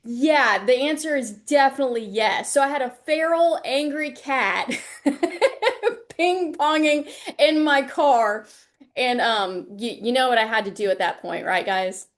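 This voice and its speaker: A woman, a university instructor chatting casually to her class on a livestream lecture and telling stories with animated quoted voices. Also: fairly high pitch, a little slow.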